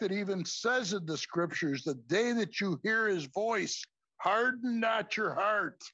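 Male preacher with a high voice, informal classroom sermon, muffled and dry recording. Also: no room sound. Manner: conversational, repeatedly says "folks".

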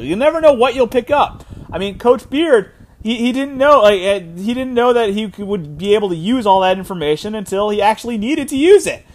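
A man's voice: sits high, animated, a little fast. A man hosting a solo podcast, talking casually and rambling with fillers and restarts. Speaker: podcast host. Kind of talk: solo podcast episode recap.

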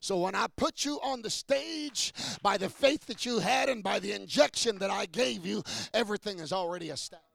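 A man preaching a sermon to a congregation, asking questions and building from low talk to shouted peaks. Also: normal speed, gravelly, few pauses, no room sound, studio quality.

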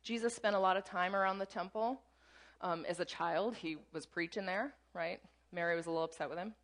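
A woman preaching a sermon in a conversational teaching style, often checking in with "right?" between points. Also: mid-range voice. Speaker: pastor.

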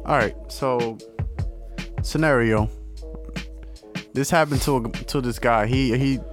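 A man's voice: medium pitch, takes it slowly, over music. A man, telling a story in casual podcast chat, often checking in with 'you feel me'.

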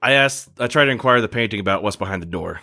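A man playing a tabletop game, describing his moves in a relaxed way and laughing easily. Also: lowish voice, fast talker. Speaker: player. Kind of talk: casual tabletop play.

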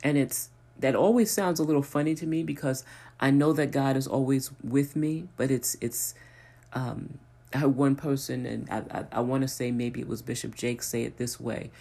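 A preacher giving a sermon, pressing points through repetition and pausing to restart thoughts. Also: mid-range voice, fairly even intonation, vocal fry, mellow. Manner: emphatic, repetitive preaching with rising intensity; hesitant restarts between points.

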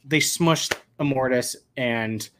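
A man hosting a casual podcast, talking in an unhurried, drawn-out way. He gets excitable and rambles, restarting his sentences as he goes along. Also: medium pitch, a little hiss or hum. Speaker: podcast host. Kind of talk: casual pop-culture chat.

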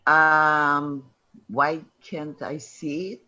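An older woman speaks very slowly and hesitantly while she joins a video call. Her voice is low for a woman and the call audio comes through muffled. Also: level tone, bright, forceful tone. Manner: hesitant, slow to get set up.

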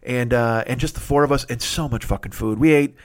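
Brief: middle-aged male host, mid-pitched, swears constantly, excitable and rambling. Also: brisk. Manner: profane, excitable storyteller. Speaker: podcast host. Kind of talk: rambling comic monologue.

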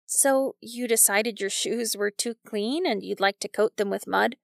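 A woman's voice: medium pitch, measured pace, vocal fry, no room sound, studio quality. A woman voicing an awkward, self-conscious fifteen-year-old girl with a crush, wry and flustered.

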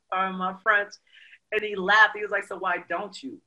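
A woman, a guest in a casual interview, telling her story with energy and leaning on lots of "you know"s. Her voice has a bright, forceful edge that carries each line. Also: mid-range voice, a little slow, muffled recording. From Brooklyn, New York.

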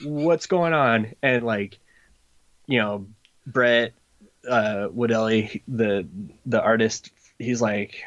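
Slow and given to long pauses, this comic book creator speaks in a low, slightly bright voice with little pitch movement. On a podcast, he casually tells a rambling, filler-heavy story and mimics other people. The lo-fi sound is a little dull.

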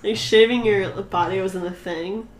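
A woman's voice: medium pitch, steady tone, very noisy. Chatty woman podcast co-host, roomy sound. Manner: chatty, frequent "um" and "like", quick agreeing replies. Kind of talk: casual chat. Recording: roomy echo.

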